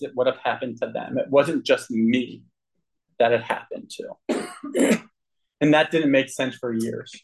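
A man sharing his personal recovery story with a group, earnest and candid, with frequent throat clearing. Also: mid-range voice, poor audio.

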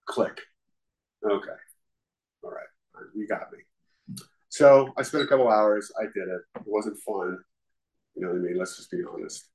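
A man's voice: fairly low pitch, steady tone, moderate pace, gravelly, pauses often, a little mellow, rough recording. Candid man telling his recovery story. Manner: candid, self-deprecating, peppered with "you know". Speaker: speaker sharing at a recovery meeting. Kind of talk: candid personal testimony.

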